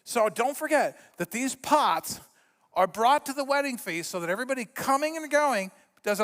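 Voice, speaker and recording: A middle-aged male pastor preaching a sermon in a church, telling stories with lively voice shifts for the quotes. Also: very high-pitched, moderate pace, big-room sound. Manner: animated storyteller, acts out quotes with voice shifts. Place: church sanctuary.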